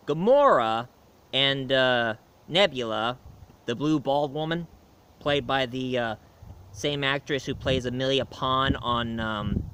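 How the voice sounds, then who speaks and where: A man's voice: mid-range voice, a bit bright, clean tone. A man giving a casual film and comic review, rambling along with many fillers and restarts.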